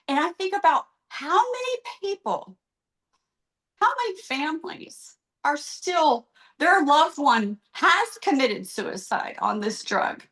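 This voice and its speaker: A woman's voice: high voice, fairly bright tone. A middle-aged woman, a guest on a podcast interview, speaking earnestly and with emotion, rattling off long lists of terms.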